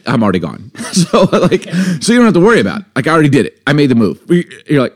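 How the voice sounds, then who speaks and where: Animated man telling a story. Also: medium pitch, very fast. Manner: animated storyteller, acts out his own reactions. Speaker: podcast co-host. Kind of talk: casual chat. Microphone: podcast studio mic.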